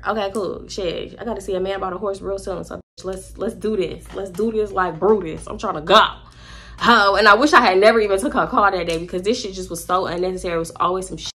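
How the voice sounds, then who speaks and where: A young woman casually telling a storytime to her viewers, animated and acting out what people said. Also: mid-range voice, fast talker, breathy edge. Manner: animated, acts out quoted voices, addresses viewers as y'all.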